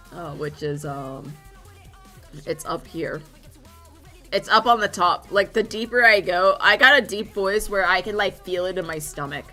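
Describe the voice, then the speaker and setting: A woman's voice: medium pitch, sharp tone. Chatty young woman with a sore throat. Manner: chatty, rambling, swears freely. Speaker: streamer and artist. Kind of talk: casual chat while drawing on stream.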